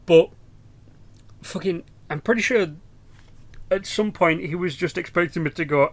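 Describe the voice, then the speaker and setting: Casting note: young English man, gravelly edge, pitched a touch high, rambling sweary gaming banter. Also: steady tone, normal speed, long pauses. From England. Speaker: gaming YouTuber. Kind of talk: casual game commentary.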